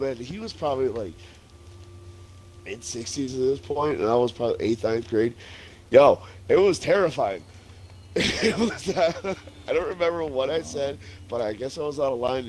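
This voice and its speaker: A man's voice: mid-range voice, darkish tone. A man in his forties chatting casually while gaming, telling stories with lots of swearing and laughter. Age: 40s. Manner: profane, laughing storyteller. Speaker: streamer.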